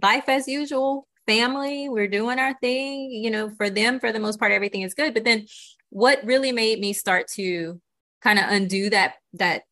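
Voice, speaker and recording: A woman's voice: fairly high pitch, normal speed, a bit bright. A woman guest on a podcast, speaking earnestly and reflectively in candid conversation, often checking in with "you know" and "right?".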